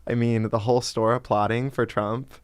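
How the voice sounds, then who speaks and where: A man's voice: mid-range voice, little pitch movement, moderate pace, clear, resonant tone, dry recording. A young man guesting on a college radio show, talking in an easygoing way and laughing often. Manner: easygoing, laughs often, reads posts aloud. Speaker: guest co-host. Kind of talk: casual joking chat.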